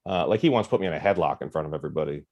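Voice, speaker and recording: A man, a guest on a podcast, telling self-deprecating stories in a lively, casual way. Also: very deep voice, very fast, dull audio. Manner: animated, self-deprecating anecdotes with quoted dialogue. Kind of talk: casual storytelling.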